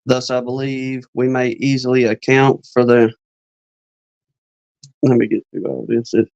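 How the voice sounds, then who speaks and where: A man's voice: mid-range voice, flat delivery, creaky, darkish tone, no echo, muffled recording. A man hosting a live chat, reading an old beekeeping text aloud, tripping over words and adding casual asides. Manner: reads slowly, stumbles on words and adds asides.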